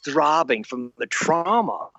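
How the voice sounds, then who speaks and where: A man's voice: a little high, big pitch swings, slow pace, fairly bright tone, no echo, lo-fi sound. A man in his sixties, a guest animator in an interview. He tells his stories animatedly, laughs often and acts out the voices he quotes. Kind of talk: anecdotal storytelling in an interview.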